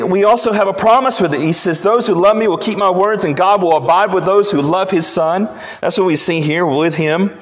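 A male pastor preaching a sermon, emphatic and building to repeated declarations. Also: on the high side. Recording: long hall reverb.

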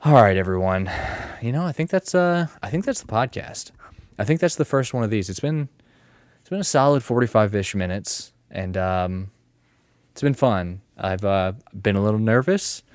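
A man hosting a casual solo podcast from his mom's house, rambling in a joking, self-mocking way with animated swings in loudness. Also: lowish voice, moderate pace, dry recording. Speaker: podcast host and streamer.

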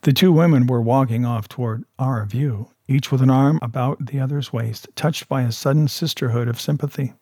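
A man reading a story aloud in a steady, measured narration. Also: mid-range voice, no room sound, clean studio sound. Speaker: audiobook reader. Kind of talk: scripted narration.

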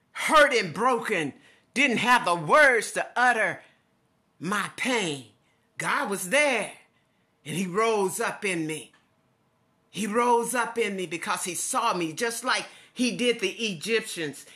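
A woman's voice: medium pitch, sharp tone. A middle-aged woman preaching an impassioned devotional sermon with a repetitive cadence.

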